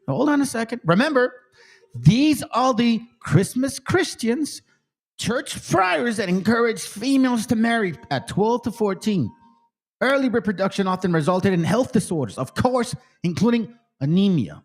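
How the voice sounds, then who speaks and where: A man's voice: high voice, very animated, normal speed, faint music behind. A man hosting a commentary stream, reacting to a clip in a profane, combative way and addressing viewers as fam. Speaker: host.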